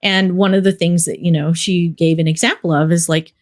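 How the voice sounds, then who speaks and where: A middle-aged woman, a documentary director, telling stories in a relaxed interview, rambling with many fillers. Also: on the low side, fairly quick, soft background music. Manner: rambling storyteller, many fillers like "you know". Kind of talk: casual interview talk.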